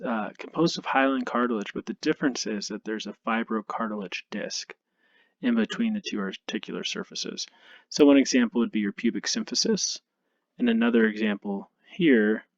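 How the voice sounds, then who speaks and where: A male anatomy instructor giving a recorded lecture over slides, relaxed and self-deprecating, thinking aloud with frequent ums. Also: medium pitch, dry recording, dull audio. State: tired, yawning.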